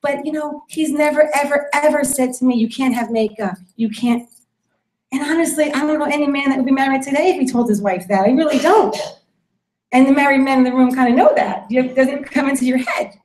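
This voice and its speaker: Her voice is high, fast and somewhat dark in tone as she pitches a network marketing opportunity to an audience in a meeting room. She is emphatic and repeats her key points, all captured in an echoey space.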